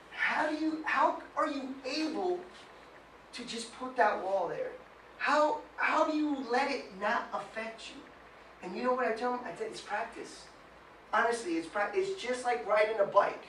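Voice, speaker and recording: A man gives a lively motivational talk to a small group, firing questions at them and mimicking whiny complaints. His voice sits high and carries through a roomy space. It is heard from a distance against faint background noise. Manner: animated, quizzes the audience, mimics whiny voices. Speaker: motivational speaker.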